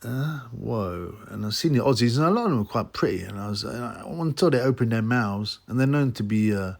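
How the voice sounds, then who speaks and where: A man's voice: expressive, quick pace, gravelly. Sneering man ranting casually. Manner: sneering, mocking, rambling with many fillers and restarts; slips into mocking high voices when quoting. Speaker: boxing commentary channel host.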